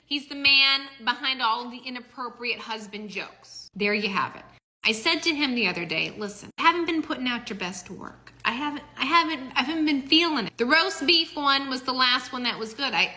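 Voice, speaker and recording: A woman's voice: high voice, lively intonation, moderate pace, sharp tone. A woman in her thirties telling funny stories in a casual vlog, chatty and swearing, laughing often. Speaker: vlogger, mom.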